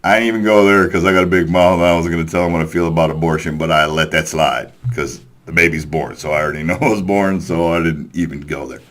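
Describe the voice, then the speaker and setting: Low-voiced man on a profane rant. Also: steady tone, fast, hardly any pauses. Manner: profane, exasperated, chuckling storyteller. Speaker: vlogger ranting about a coworker.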